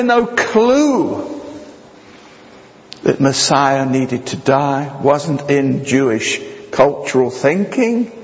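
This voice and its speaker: A man preaching a sermon with jokey asides, swinging between loud, high passages and low, quiet ones. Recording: dull sound with long hall reverb.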